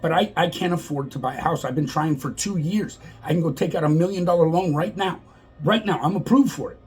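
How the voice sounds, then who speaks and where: A man's voice: fairly high pitch, brisk, slightly rough, rough recording. A middle-aged man vlogging an impassioned, exasperated political rant to his viewers.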